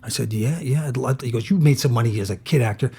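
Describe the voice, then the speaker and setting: A middle-aged man tells anecdotes in a casual interview, his voice slightly husky. He acts out what other people said as he goes and keeps the story moving. He is from the United States. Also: mid-range voice, fast talker, a little mellow. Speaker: actor and poker player, interview guest.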